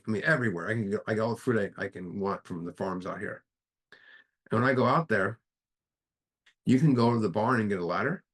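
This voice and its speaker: Deep voice guy, earnest and plainspoken, leading a recovery book study. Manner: earnest, plain-spoken, emphatic. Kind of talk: recovery meeting talk.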